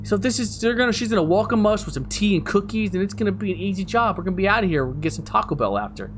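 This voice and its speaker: A man's voice: high-pitched, animated, racing, slight background noise. A man hosting a horror game playthrough, chatting casually and teasing his viewers. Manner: playful, teasing, jokes to viewers. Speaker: gaming video host. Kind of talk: casual let's-play commentary.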